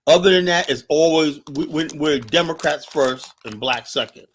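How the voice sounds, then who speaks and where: Male streamer, heated political rant, profane and combative, repeats himself, slightly high voice. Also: normal speed, slight background noise. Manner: challenges viewers directly. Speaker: livestream host. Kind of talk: heated political commentary monologue.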